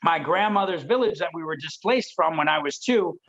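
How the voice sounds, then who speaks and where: High-voiced man telling a story. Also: fairly quick, lo-fi sound. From Detroit, USA. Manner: animated, acts out quoted dialogue. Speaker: podcast guest. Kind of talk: storytelling in an interview.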